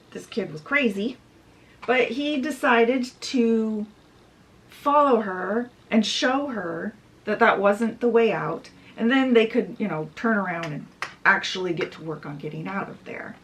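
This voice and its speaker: A woman's voice: on the high side, lively intonation, a little slow, distant mic. A woman vlogger retelling a fairy tale in a casual, chatty way, full of "she's like" asides. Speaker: book vlogger. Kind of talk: casual storybook summary.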